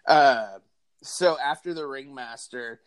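A man's voice: medium pitch, slow, clean tone. A man co-hosting a podcast in casual chat, telling stories with wry jokes. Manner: wry storyteller, joking. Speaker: podcast co-host.

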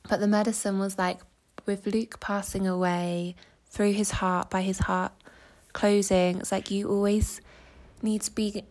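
A woman's voice: medium pitch, flat delivery, unhurried, darkish tone. A young woman from England telling a personal story in a chatty, emotional way, using "like" a lot. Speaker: vlogger.

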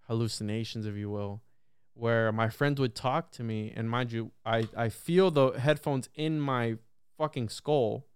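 A man's voice: medium pitch, clear, resonant tone, no echo, studio quality. Swearing young man telling a story. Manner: animated, heavy swearing, quick repeated restarts. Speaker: podcast guest. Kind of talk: casual storytelling chat.

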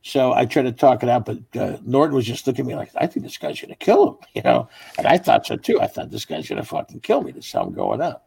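A man, a stand-up comedian, telling profane, animated anecdotes in casual chat with fellow comics. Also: mid-range voice, fast talker, creaky. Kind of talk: casual storytelling among comics.

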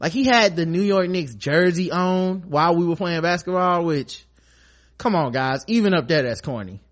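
A man with a high voice hosts a podcast in loose, comedic chat. He is animated and slips into acted-out voices as he tells stories. He also reads news items aloud between the jokes. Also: moderate pace. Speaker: podcast host.

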